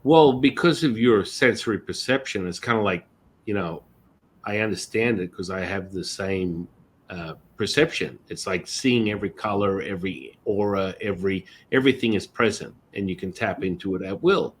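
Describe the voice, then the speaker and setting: A man's voice: deep voice, normal speed, slight background noise. A middle-aged man hosting a spiritual podcast, telling stories in a rambling, casual way with many restarts. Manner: rambling storyteller, frequent restarts and "you know". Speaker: podcast host.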